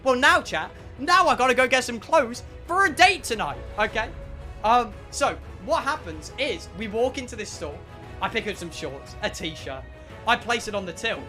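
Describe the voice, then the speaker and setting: Excitable high-voiced British young man. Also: soft background music. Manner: excitable, swearing, dramatic pauses. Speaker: streamer. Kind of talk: animated storytelling to a live chat. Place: home streaming room.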